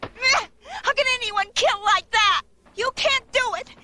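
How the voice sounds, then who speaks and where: An actress playing a young woman appalled by brutal killing, in a shrill, shocked outburst. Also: takes it slowly, no room sound, studio quality, exaggerated voice. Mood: horrified. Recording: film audio with loud noise.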